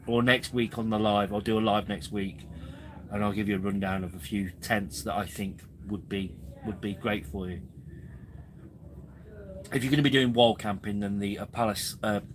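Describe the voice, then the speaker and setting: A man in his forties chats loosely on a live stream from his tent, drifting off topic and laughing at himself. His voice sits on the low side. A faint hum of noise runs behind him. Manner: rambling, chatty, self-deprecating. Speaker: camping channel host. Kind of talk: casual live-stream chat. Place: camping tent.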